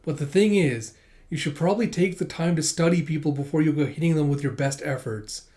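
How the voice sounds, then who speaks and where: A man's voice: a little high, brisk, mellow, close to an everyday voice. Kindly pub owner, read by a man. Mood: gentle. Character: kindly middle-aged male pub owner.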